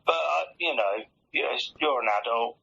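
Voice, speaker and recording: A man voicing a sheepish, broke lobster crook, rambling and halting through a voice message in a comedy radio skit. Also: on the high side, gravelly, pushed and bright, a little hiss or hum. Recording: dull played-back voice message.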